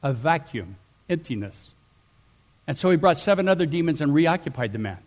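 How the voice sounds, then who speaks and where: A middle-aged man preaching a sermon, animated, swinging between loud emphatic rises and quiet asides. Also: a little high, a little fast. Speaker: pastor.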